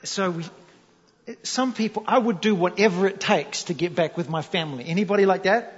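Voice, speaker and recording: A man's voice: sits high, brisk. A man from New Zealand with a New Zealand accent, preaching a sermon as a pastor in a joking storytelling manner and putting questions to the audience. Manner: animated, jokey, asks the audience questions. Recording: echoey hall, dull lo-fi sound.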